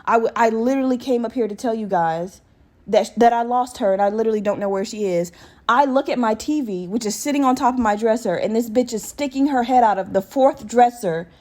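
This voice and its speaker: Speaking from her bedroom at home, a woman in her twenties hosts a casual solo podcast, talking candidly and profanely straight to her listeners. Her voice is fairly high, mellow, and fairly quick.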